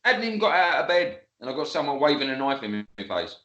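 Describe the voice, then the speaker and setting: A man spins an animated tale. He laughs often and swears freely. His voice sits a bit high and rings in a roomy space. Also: quick pace, muffled recording. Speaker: guest. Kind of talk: casual storytelling.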